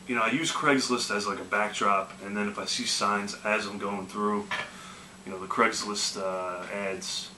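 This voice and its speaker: This video game collecting vlogger has a low-leaning voice that's bright and forceful. He tells yard-sale stories in an easy, rambling fashion, using "you know" and "man" often. There's slight background noise, and faint music echoes around the room.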